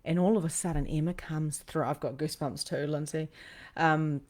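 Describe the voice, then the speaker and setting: Aussie lady psychic on a livestream, kinda low voice, rambly and emotional, lots of ums. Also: steady tone, normal speed, a little mellow. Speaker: psychic medium and host. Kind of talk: livestream storytelling to viewers.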